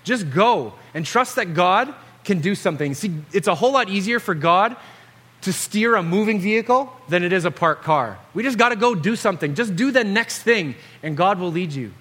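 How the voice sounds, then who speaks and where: Male preacher, high bright voice, earnest exhorting sermon delivery. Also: lively intonation, normal speed.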